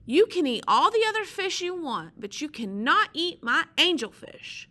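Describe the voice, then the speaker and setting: Lady voicing a tiny brave sea slug guy, bossy and scolding, high and pushy, storybook. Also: very animated, moderate pace, bright, forceful tone, full character voice. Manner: scolding, insistent.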